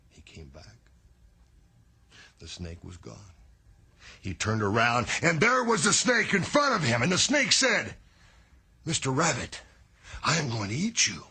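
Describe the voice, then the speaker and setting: Older man, bright husky dramatic storyteller. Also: medium pitch, huge pitch swings, a little slow, pauses often. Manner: drawling, dramatic storyteller dropping to whispers. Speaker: podcast host, former wrestler. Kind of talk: storytelling wrestling promo. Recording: archive promo clip.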